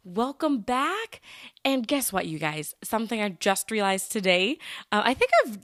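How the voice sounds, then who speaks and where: A woman's voice: medium pitch, expressive, moderate pace, a bit bright, dry recording, clean studio sound. A young adult woman hosting her own podcast, chatting casually in a bubbly, upbeat way with frequent laughs and happy exclamations. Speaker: podcast host. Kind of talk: casual solo podcast chat.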